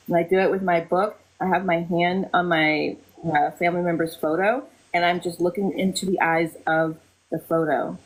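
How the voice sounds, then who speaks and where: A woman teaching casually as a spiritual coach on a live stream, chatty with frequent fillers, softly reciting mantras. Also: lowish voice, steady tone, moderate pace.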